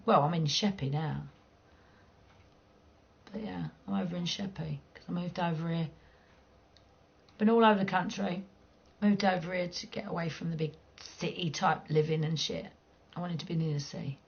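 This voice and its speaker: A woman's voice: fairly low pitch, normal speed, vocal fry, muffled recording. A middle-aged woman with a London accent, chatting casually and bluntly with viewers during a game stream, cheeky and swearing freely. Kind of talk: casual chat.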